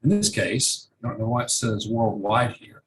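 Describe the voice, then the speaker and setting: A man's voice: medium pitch, expressive, moderate pace, background noise. A man teaching over a screen share in a loose, casual way, swearing and thinking aloud as he clicks through. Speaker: marketing instructor.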